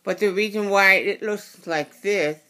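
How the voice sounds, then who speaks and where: Slow, bright-voiced craft tutorial host. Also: medium pitch. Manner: rambling, self-correcting, apologetic. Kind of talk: casual how-to demonstration.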